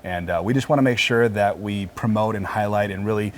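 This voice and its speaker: Upbeat low-voiced man giving a tour. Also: brisk, a little hiss or hum. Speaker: auctioneer and business owner. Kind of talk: walking tour explanation. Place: warehouse facility.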